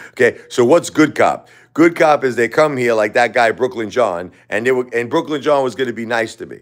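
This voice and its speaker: A man's voice: medium pitch, fairly quick. A grieving man hosting a livestream, rambling and repeating himself with emotion. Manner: repetitive, emotional, repeats phrases, chuckles between lines. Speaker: livestream host.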